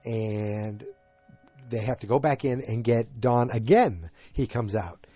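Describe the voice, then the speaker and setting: Over faint background music, a man from north of Boston speaks slowly in a warm, medium-pitched voice touched by a slight Boston accent. As a podcast host, he meanders through a TV episode recap, tossing in jokes along the way.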